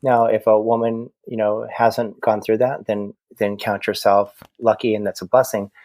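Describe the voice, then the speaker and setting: A man's voice: lowish voice, little pitch movement, normal speed, darkish tone, no room sound. A man working as a medium, a podcast guest telling stories in a chatty way over a video call from home, often repeating his words. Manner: chatty storyteller, frequent repetitions. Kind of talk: casual conversation.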